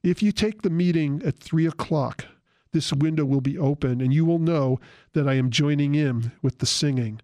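A frail, devout elderly man speaks from his sickbed in an earnest, read-aloud tone, voiced by a man reading an account. The voice sits a little high for a man. The sound is dry and close. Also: normal speed, a little mellow, no echo, close to an everyday voice.

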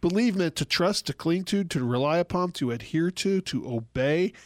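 A man explaining Bible passages in a relaxed radio talk, acting out the quoted dialogue as he goes. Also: a little high, moderate pace, dry recording, studio quality. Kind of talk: conversational Bible teaching.

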